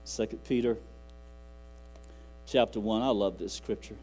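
A man's voice: mid-range voice, a little slow, pauses often, warm tone, poor audio. Man preaching, folksy and rambling, faint music and hum behind. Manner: folksy, rambling, quotes scripture aloud. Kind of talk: sermon.

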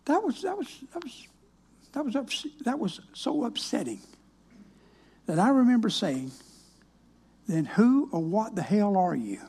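Husky older preacher. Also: male voice, very high-pitched, darkish tone. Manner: folksy, plainspoken, wry. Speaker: minister. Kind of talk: personal testimony sermon.

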